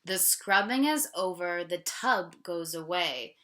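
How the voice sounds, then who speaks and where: A woman's voice: lowish voice, animated, slow, fairly bright tone. A woman teacher reading a picture book aloud to young children, stopping to ask questions and explain.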